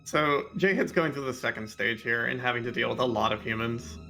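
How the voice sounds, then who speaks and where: A man's voice: medium pitch, brisk, gravelly, pushed and bright, faint music behind. A man doing casual game commentary, chatty, explaining the play and laughing easily.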